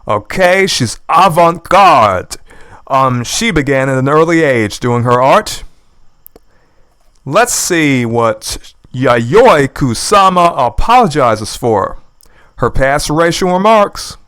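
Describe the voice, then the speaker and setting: A man's voice: mid-range voice, very animated, takes it slowly, fairly bright tone, clear, resonant tone, no room sound. A man giving an indignant, sarcastic reaction commentary, repeating his points for emphasis. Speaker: YouTube commentator. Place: lives in the United States.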